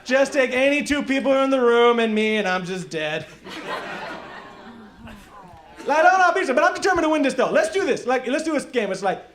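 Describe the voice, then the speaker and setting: A young man from Texas doing a stand-up comedy set on a club stage, self-mocking, with loud bursts for acted bits. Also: extremely high pitch, animated, fast talker, background noise. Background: audience laughter.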